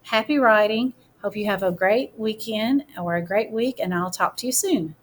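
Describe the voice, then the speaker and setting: A woman teacher talks through a writing lesson in an even, mid-pitched voice, spelling out each step for her students. She slows right down whenever she dictates what she is writing and keeps an encouraging tone. A faint noise sits under the recording. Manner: slow, deliberate dictation while writing.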